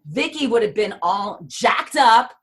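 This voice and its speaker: A woman's voice: fairly high pitch, a little slow, slight background noise. A middle-aged woman with a New York accent, telling set stories as an interview guest and acting out the voices. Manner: animated, acts out voices and screams. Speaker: actress guest. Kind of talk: storytelling interview.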